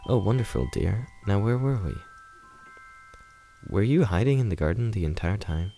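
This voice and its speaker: A man reading a visual novel aloud, voicing a polite, timid young woman who speaks in a soft, hesitant way. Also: lowish voice, big pitch swings, moderate pace, vocal fry, soft background music. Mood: grateful.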